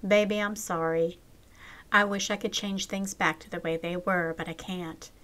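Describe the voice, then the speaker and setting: A woman voicing a weary divorced mother gently soothing her daughter. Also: lowish voice, steady tone, normal speed, close to an everyday voice.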